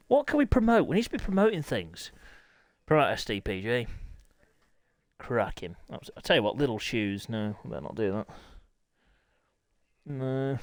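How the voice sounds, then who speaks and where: A middle-aged man, hosting and commentating a motorbike racing game live, excitable and quick to break into shouts and laughter. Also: medium pitch, dry recording. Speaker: gaming channel host and race commentator.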